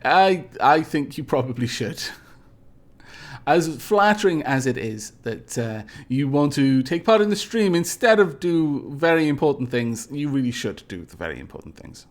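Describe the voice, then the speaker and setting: A man's voice: on the high side, very animated, moderate pace. A man streaming a space game live, reading event text aloud theatrically and answering chat in polite, formal phrasing.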